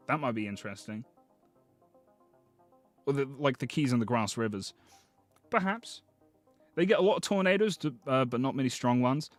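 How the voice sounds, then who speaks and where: A man streaming live, chatting casually with viewers, excitable and swearing often as he thanks them. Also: medium pitch. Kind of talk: casual livestream chat.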